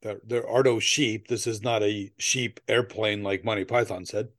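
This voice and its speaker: A man's voice: fairly low pitch, steady tone, normal speed, a bit bright. A man co-hosting a podcast in casual chat, telling stories in a rambling way, laughing often and swearing casually. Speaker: podcast co-host.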